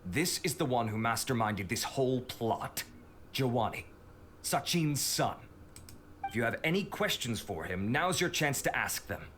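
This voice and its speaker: An actor playing a stern, businesslike officer in a game. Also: male voice, medium pitch, expressive, measured pace, a bit bright, a little hiss or hum. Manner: formal, businesslike. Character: stern male officer, formal and dutiful.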